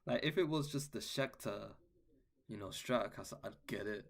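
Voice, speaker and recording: A man's voice: lowish voice, moderate pace, vocal fry. A man, a guitar teacher, answering chat questions in a casual livestream, laid-back and saying "bro" and "man" a lot.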